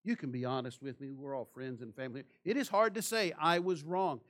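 A man's voice: mid-range voice, big pitch swings, fast, fairly bright tone. A man preaching a sermon in church, asking the congregation rhetorical questions. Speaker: pastor.

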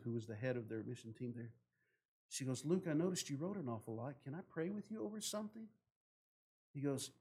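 A man, a pastor telling a story from the pulpit, growing louder and more animated in the dramatic parts. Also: medium pitch. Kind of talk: sermon storytelling.

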